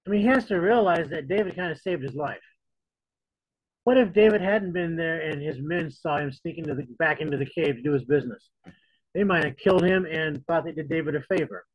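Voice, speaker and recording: A man's voice: on the high side, husky, no echo, lo-fi sound. A man teaching a Bible lesson as a sermon, talking in a conversational way and retelling scripture in casual modern words.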